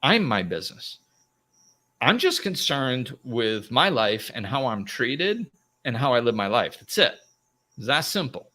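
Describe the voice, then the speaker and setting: Middle-aged guy doing a live self-help talk, voice jumps all over the place, bright and forceful, keeps acting out little arguments. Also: medium pitch, unhurried. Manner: animated, acts out arguments in raised voices, laughs often. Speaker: host.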